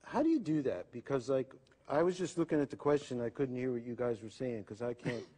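An actor playing a dim-witted, know-it-all brother in an improvised sketch, with a nasal drawl ending lines with "eh". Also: male voice, mid-range voice, fairly quick, warm tone, slightly rough, lightly acted. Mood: goofy. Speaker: sketch comedy co-host. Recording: echoey room with long reverb.

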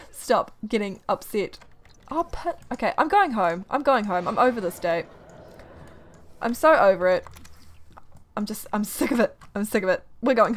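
Young woman, gaming commentary, exasperated, rants, quick laughs, slightly high voice. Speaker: gaming YouTuber. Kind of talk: casual let's-play commentary.

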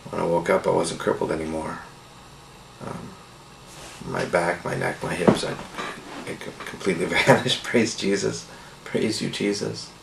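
Deep gravelly man telling his testimony. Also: little pitch movement, normal speed, long pauses. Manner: earnest, rambling with frequent "you know" and soft laughs. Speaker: testimony speaker. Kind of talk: casual testimony storytelling. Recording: echoey room with faint noise.

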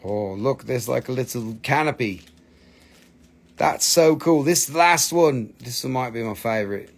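Man, live sales host, gravelly voice, excited patter. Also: medium pitch, unhurried. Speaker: live-stream seller.

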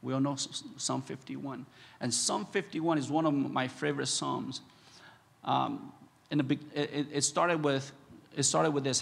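A man pastor preaching a sermon, repeating his phrases and rising loud and high when impassioned. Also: moderate pace, creaky, breathy edge. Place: church sanctuary. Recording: echoey church hall.

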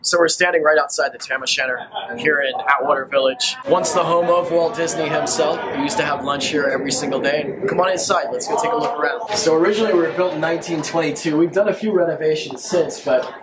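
A man with a fairly high voice leads a walking tour, pointing things out in a friendly, unhurried way. He fills pauses with "uh" as he goes. Clear background noise runs under his voice. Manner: friendly guide, pauses with fillers. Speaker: restaurant tour guide.

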